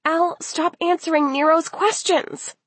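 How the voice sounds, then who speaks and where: A woman's voice: fairly high pitch, animated, normal speed, slightly rough, voice pushed up. A woman doing Chloe, a frightened schoolgirl. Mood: urgent.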